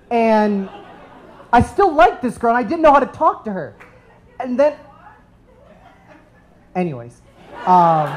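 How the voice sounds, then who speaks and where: A man in his thirties from the United States telling a comedic story live on stage into a microphone, animated and self-deprecating. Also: high-pitched, low-quality recording. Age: 30s.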